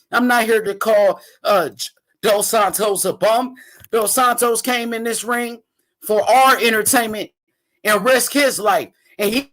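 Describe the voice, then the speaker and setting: A man's voice: extremely high pitch, a bit bright. A young man hosting a casual live reaction to a boxing fight, talking in slang and repeating himself as he hypes the fighters. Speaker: boxing commentator, channel host.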